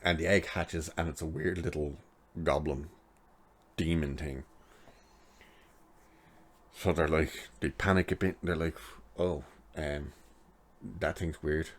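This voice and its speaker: A man's voice: very deep voice, fairly even intonation, measured pace, long pauses. A man casually recapping a TV episode in a rambling way, with lots of filler "like"s. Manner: rambling retelling, many filler "like"s. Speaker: TV episode reviewer.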